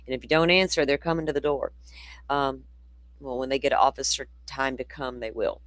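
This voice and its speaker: A woman's voice: rumbling low, steady tone, fairly quick, no room sound. A woman hosting a true crime show, reading news reports aloud and breaking off into opinionated, conversational asides to her viewers. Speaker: true crime podcast host.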